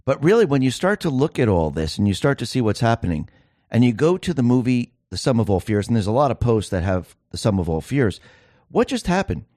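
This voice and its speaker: A man in the host's seat delivering a commentary monologue, leaning on emphasis and throwing rhetorical questions at the listener. His voice sits at a middling pitch. The recording is dry and close, with no room sound at all. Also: sing-song, a little fast, a little mellow, no echo. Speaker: show host.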